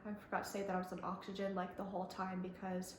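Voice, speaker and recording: A woman's voice: mid-range voice, completely flat delivery, fast, a little hiss or hum. A young woman telling her own story in a casual, chatty way, full of likes and ums and quoting what others said. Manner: chatty, fillers, quotes others. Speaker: vlogger. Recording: echoey room with faint ambience.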